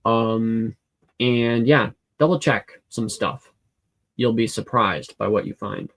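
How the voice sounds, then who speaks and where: A man's voice: fairly low pitch, takes it slowly. A man hosting a casual livestream Q&A from home, reading viewer comments aloud and answering in a rambling, hesitant way with many fillers and restarts. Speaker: livestream host answering chat questions. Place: home room with a cat.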